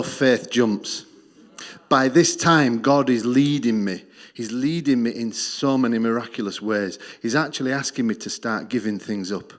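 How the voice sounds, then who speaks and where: In church, a middle-aged Australian man gives an earnest missions testimony, telling his own story. On the key lines his voice drops low and soft.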